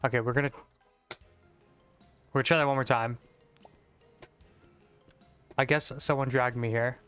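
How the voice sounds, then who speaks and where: A young man rambling casually through his gameplay stream, his voice smooth and clear. The mic sound is a touch dull, with faint music playing underneath. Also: medium pitch, steady tone, normal speed, a bit bright.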